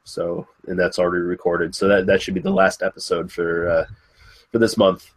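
A man hosts a casual film podcast, wrapping up an episode and plugging upcoming shows. His voice sits fairly low, and he talks in an easygoing way, peppering his sentences with "uh". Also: little pitch movement, normal speed, slightly rough. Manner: easygoing, frequent uh fillers. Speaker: podcast host.

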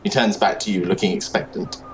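A man narrating scenes as game master of a tabletop game in a relaxed, descriptive way. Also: fairly low pitch, fairly quick, slight background noise.

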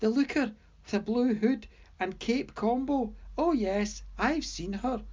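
A woman doing a mocking high-voiced she-demon. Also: a little slow, a little mellow, lo-fi sound. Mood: knowing. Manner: teasing, mocking. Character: mocking female demon with cloven hooves.

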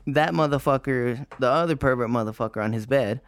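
A man's voice: medium pitch, a little fast, dry recording, studio quality. A young man telling a crude story among friends, swearing constantly and laughing as he talks. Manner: profane, laughing often while telling. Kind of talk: casual storytelling.

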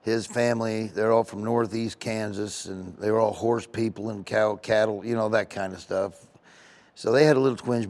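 A man, a comedian guest, telling rambling stories in a casual interview. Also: on the low side. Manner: rambling, storytelling with asides.

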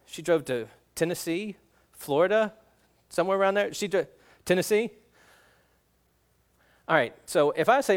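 A middle-aged man delivering a sermon as if talking with friends, joking and drawing the children into it. His voice sits a little higher than most men's. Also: lively intonation, normal speed, pauses often, a bit bright. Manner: conversational and joking, asks the kids questions. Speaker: guest preacher.

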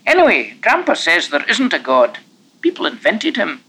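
A man's voice: sits high, wildly swooping pitch, moderate pace, pushed and bright, a little hiss or hum, voice pushed up, full character voice. A man doing a whiny, petulant young boy. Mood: eager. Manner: whiny, insistent.

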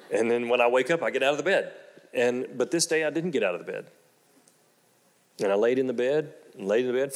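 A preaching man telling a story. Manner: shifts from slow, low storytelling to loud, excited exclamations; repeats phrases for emphasis. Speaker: pastor. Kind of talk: storytelling sermon.

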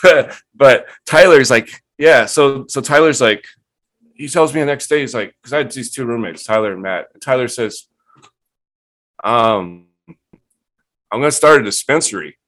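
Guy telling stories on a live stream, swears a lot, does everyone's lines, mid-pitched voice. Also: normal speed, long pauses. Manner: profane, animated, acts out quotes. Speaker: guest cannabis breeder. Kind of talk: casual storytelling.

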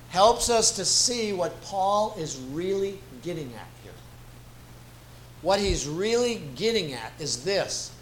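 A man preaching as a guest pastor, slow and emphatic, repeating key phrases for weight. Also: sits high, fairly bright tone. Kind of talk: sermon. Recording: echoey room with faint ambient noise.

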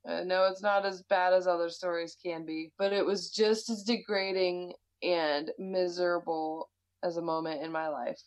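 Woman, American accent, lowish voice, laughing, swearing, reading listener stories aloud. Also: steady tone, normal speed, low-quality recording. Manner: laughs often, swears casually. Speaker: podcast co-host.

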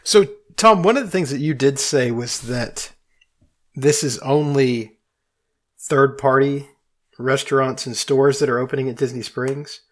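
A man hosts a relaxed podcast conversation at an ordinary pitch. He thinks out loud, hedges his claims and restarts his sentences as he goes. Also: a little slow. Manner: hedging, thinks aloud with restarts. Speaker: podcast host. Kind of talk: casual podcast chat.

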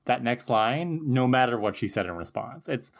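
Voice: mid-range voice, expressive, normal speed, gravelly. Wry, opinionated podcast co-host. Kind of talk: casual chat.

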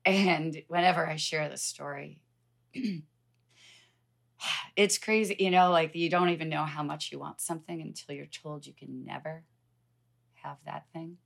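Low-voiced woman in her fifties. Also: steady tone, creaky. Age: 50s. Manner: earnest, halting, with frequent restarts. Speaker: guest. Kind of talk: personal storytelling in conversation.

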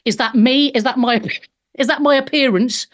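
A woman's voice: high voice, normal speed. A woman in her fifties, a stand-up comedian hosting a show, sarcastically reading out and mocking news headlines, swearing freely. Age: 50s. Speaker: host.

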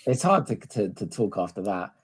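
A man's voice: on the low side, sing-song, normal speed, breathy edge. A man co-hosting a casual gaming podcast, joking and laughing often in banter. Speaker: podcast co-host.

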